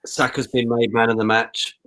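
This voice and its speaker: A man's voice: medium pitch, little pitch movement, normal speed, fairly bright tone. A man co-hosting a football watch-along, teasing his co-host and laughing. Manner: teasing, laid-back, laughs often. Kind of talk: live watch-along chat.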